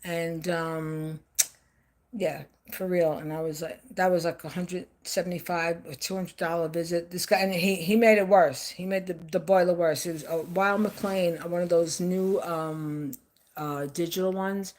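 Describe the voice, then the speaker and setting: Older new lady live streaming, rambly and emphatic, kinda low voice. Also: fairly even intonation, measured pace, darkish tone. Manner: rambling, emphatic, repeats herself. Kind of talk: casual live-stream monologue.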